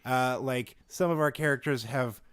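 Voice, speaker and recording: A man's voice: mid-range voice, moderate pace, fairly bright tone, clear, resonant tone. A man on a casual comedy podcast, rambling with lots of fillers and the odd curse word. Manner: rambling, full of fillers and profanity.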